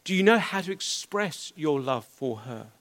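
A man's voice: a little high, big pitch swings, normal speed, a bit bright. A middle-aged man preaching an expository sermon in an earnest, conversational way with small stammers.

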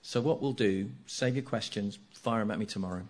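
An older man preaching a sermon, animated and jokey, acting out the congregation's reactions. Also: on the low side, brisk.

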